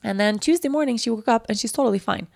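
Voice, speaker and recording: A woman's voice: a little high, fast, creaky, no echo. A woman in her thirties hosting a personal podcast, talking candidly and emotionally with many fillers, close to tears. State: near tears. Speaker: podcast host.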